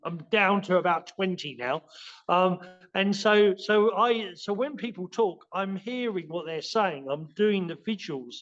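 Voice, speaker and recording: High-voiced man explaining, full of restarts. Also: a little slow, a bit bright, muffled recording. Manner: rambling, with many restarts and fillers. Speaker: guest, martial arts and qigong teacher. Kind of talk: casual spoken explanation in a podcast interview.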